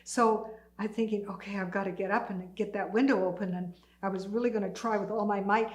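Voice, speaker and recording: A woman's voice: mid-range voice, fairly quick. Older woman telling a dramatic story, echoey room. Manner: vivid, dramatic retelling that acts out her own thoughts and the dialogue. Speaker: community storyteller. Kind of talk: personal storytelling to an audience.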